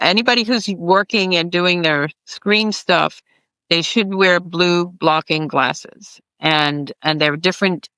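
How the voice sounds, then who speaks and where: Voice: medium pitch, pushed and bright, clear, resonant tone, no echo, rough recording. A doctor on a panel discussion, talking informally and explaining by listing examples.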